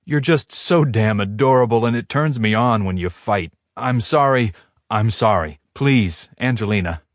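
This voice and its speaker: A man voicing a gentle, remorseful male werewolf who speaks softly and soothingly. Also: on the low side, measured pace, no room sound, clean studio sound, natural voice. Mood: apologetic. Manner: soft, soothing, apologetic.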